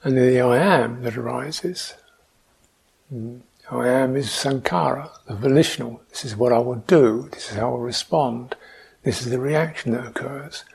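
Man, very husky voice, meditation teacher, slow questioning dharma talk, soft hums. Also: medium pitch.

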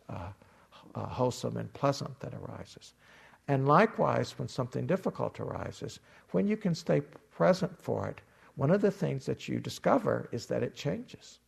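A man giving a dharma talk as a meditation teacher, unhurried and reflective, acting out inner voices with gentle humor. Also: mid-range voice, gravelly, husky.

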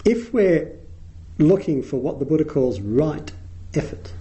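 A man's voice: a little high, big pitch swings, measured pace, warm tone, rough recording. A middle-aged man giving a dharma talk as a meditation teacher, telling wry anecdotes and chuckling at his own stories.

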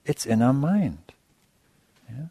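A middle-aged man, a meditation teacher, giving a dharma talk in a relaxed storytelling manner with self-deprecating humor. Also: mid-range voice, slow, husky, no room sound. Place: meditation center hall.

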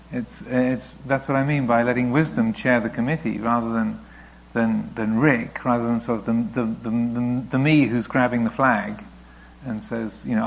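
A man, a Buddhist teacher, answering questions in a reflective, gently explaining way, now and then voicing thoughts aloud. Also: mid-range voice, creaky, muffled recording. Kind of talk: dharma talk Q&A.

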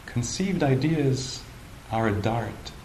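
A male meditation teacher giving a gentle, playful dharma talk with frequent pauses. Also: medium pitch, animated, slight background noise. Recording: roomy hall with faint ambience.

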